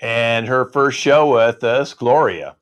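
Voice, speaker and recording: A man with a mid-range voice hosts a live improv show from a video call. He talks in a relaxed, chatty way, pausing often as he thinks. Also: medium pitch. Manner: relaxed and chatty, with frequent "uh" pauses.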